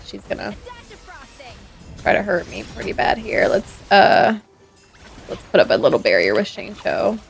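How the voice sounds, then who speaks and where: A woman with a medium-pitched, very animated voice and vocal fry keeps a measured pace, leaving long pauses as she plays a game on stream. She playfully teases her chat and laughs a lot, with faint game music behind her.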